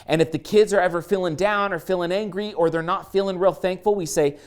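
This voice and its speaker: A man's voice: high-pitched, steady tone, fairly quick, hardly any pauses, clear, resonant tone. A man in his thirties presenting a motivational parenting lesson in an upbeat, encouraging and direct way. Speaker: course presenter and speaker.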